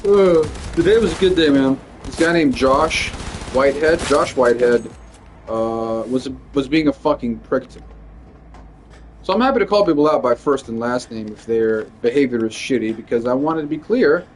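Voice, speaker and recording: Rambling, profane comedian venting. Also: male voice, medium pitch, moderate pace, a little hiss or hum. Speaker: stand-up comedian. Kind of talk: casual venting monologue.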